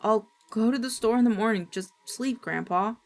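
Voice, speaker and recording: A woman's voice: fairly high pitch, normal speed, gravelly, pitched above the performer's own voice. Woman doing a nervous young grandson. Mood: placating. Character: nervous young grandson, uneasy teen boy.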